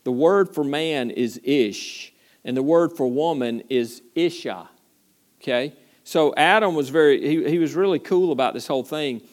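A man's voice: a little high, normal speed. Earnest, emphatic man preaching a sermon. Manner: earnest, repetitive, emphatic, with playful asides. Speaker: pastor.

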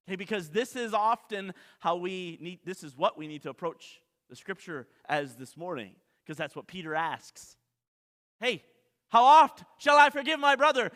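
A man preaching a sermon from the pulpit, his voice pitched high and sharp. He drives each point home by repeating it and putting questions to the congregation. The sound hangs in the long reverb of a big church hall. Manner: emphatic preaching, repeats key lines, rhetorical questions to the congregation. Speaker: pastor. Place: church sanctuary.

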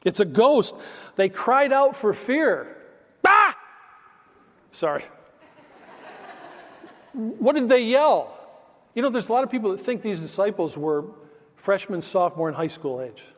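A man's voice: high-pitched, big pitch swings, measured pace, pauses often, a little mellow, big-room sound. A male pastor preaching a sermon, telling stories in an emphatic, conversational way.

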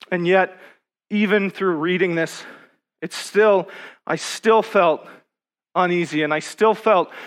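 A man preaching a sermon, reading scripture slowly and then pressing personal questions with rising intensity. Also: high voice, fairly bright tone.

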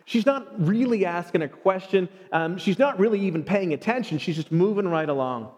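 A man giving a sermon in an animated way, often acting out short everyday exchanges. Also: high-pitched, brisk. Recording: long reverb.

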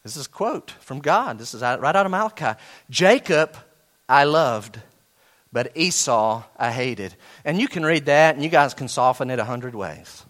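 A man preaching a sermon, talking straight to his congregation, swinging between loud emphasis and hushed asides and reading scripture slowly, word by word. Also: mid-range voice, lively intonation. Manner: talks directly to the congregation, conversational and teasing. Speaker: pastor.

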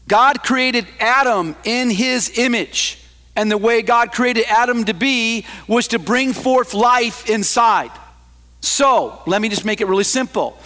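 A man preaching a sermon, reading scripture aloud and adding slow, emphatic asides to his congregation. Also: high voice, fairly bright tone, long reverb tail.

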